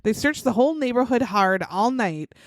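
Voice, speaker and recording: A woman's voice: on the high side, animated, moderate pace, no room sound. A woman hosting a podcast, telling a true crime story casually, swearing freely and acting out the quotes. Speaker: podcast host.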